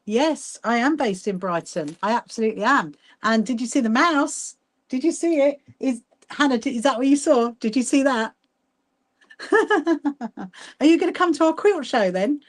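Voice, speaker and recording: A woman hosting a casual sewing livestream, chatting warmly with viewers by name and laughing often as she works. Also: high voice, lively intonation, moderate pace. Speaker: livestream host. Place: sewing room at home.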